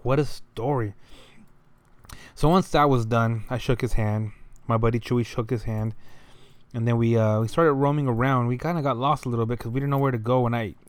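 A man's voice: medium pitch, steady tone, brisk, clear, resonant tone, no room sound. A young man telling a story in a loose, rambling way, full of slang and fillers. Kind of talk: casual storytelling monologue.

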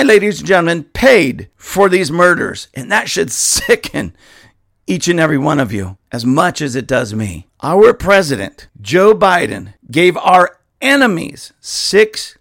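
A man's voice: a little high, vocal fry. A man who pastors a church, giving impassioned political commentary and reading news aloud, emphatic and often addressing his listeners directly. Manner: emphatic, repeatedly addresses "ladies and gentlemen".

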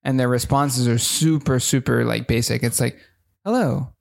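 A man's voice: mid-range voice, little pitch movement, normal speed, gravelly. A man co-hosting a podcast, chatting casually and explaining things plainly with playful disgust. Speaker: podcast co-host. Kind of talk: casual chat.

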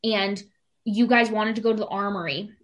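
A woman's voice: medium pitch, fairly even intonation. Woman telling a travel story. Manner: storytelling, defensive, quick retorts. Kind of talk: casual chat.

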